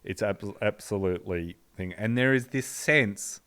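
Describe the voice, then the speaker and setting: A man's voice: lowish voice, unhurried. Man telling a story with laughs. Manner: animated, laughs often, reads out a speech in a put-on earnest tone. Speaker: podcast host telling a story. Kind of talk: casual storytelling chat.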